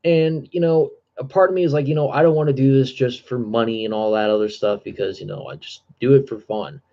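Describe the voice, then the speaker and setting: A man's voice: medium pitch, fairly even intonation, fairly quick, creaky, mellow, lo-fi sound. Breathless man rambling on a stream. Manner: earnest, rambling with fillers and restarts. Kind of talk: casual live-stream chat.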